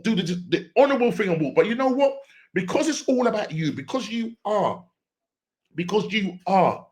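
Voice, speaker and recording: High-voiced man ranting about football. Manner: exasperated, ranting, repeats phrases and restarts words. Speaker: football fan channel host. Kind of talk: post-match fan reaction rant.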